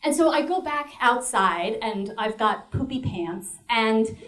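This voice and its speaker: A woman telling a comic story in a solo show, with a high voice that swoops all over. She laughs her way through the lines and cuts in with dry, deadpan remarks. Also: a little slow. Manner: animated, laughing, with dry asides. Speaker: comedian and storyteller.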